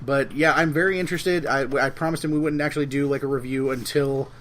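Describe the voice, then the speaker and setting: Fast-talking man co-hosting a podcast. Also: a little high, fairly even intonation, a bit bright. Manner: enthusiastic, promotes comics, casual swearing. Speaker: podcast co-host. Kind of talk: casual chat.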